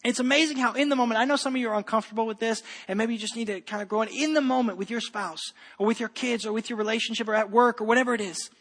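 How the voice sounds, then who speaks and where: A man in his thirties preaches a sermon to his congregation. His voice sits very high, and he presses hard on key words before dropping to softer, quieter stretches. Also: fairly even intonation, rapid-fire, hardly any pauses, in a large hall. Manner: emphatic, swings between loud and soft. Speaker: pastor.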